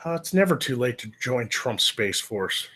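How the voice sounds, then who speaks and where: A man's voice: mid-range voice, big pitch swings, normal speed, bright, forceful tone, slightly rough. Joking casual livestream host, man. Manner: jokey, laughs often, loose and rambling.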